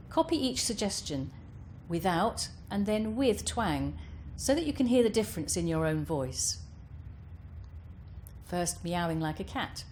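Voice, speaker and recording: A woman voice coach giving calm, careful instructions over vocal exercises. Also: lowish voice.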